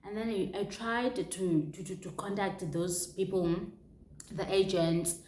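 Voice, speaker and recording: A young South African woman candidly telling a personal story, animated, with restarts and local exclamations. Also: mid-range voice, measured pace, background noise. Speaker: vlogger. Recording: echoey room.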